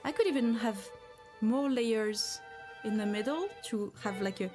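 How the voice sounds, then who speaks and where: A woman's voice: a little high, measured pace. A woman with a French accent, a craft streamer in a casual live chat, thinking aloud with many restarts while she beads. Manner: hesitant, thinking aloud, answers chat comments. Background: violin music.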